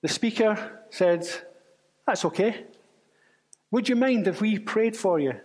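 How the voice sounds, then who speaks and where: A man's voice: high-pitched, expressive, takes it slowly, a little mellow, slightly rough. A man telling a testimony as a sermon, storytelling and acting out the voices of others. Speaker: preacher. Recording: long reverb of a church hall.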